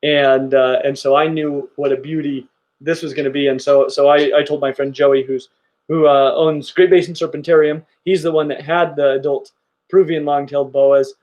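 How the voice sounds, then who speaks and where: A man's voice: on the high side, little pitch movement, moderate pace, a little mellow. Enthusiastic man hosting a reptile livestream. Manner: enthusiastic, gushing. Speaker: reptile channel host. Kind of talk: casual livestream chat.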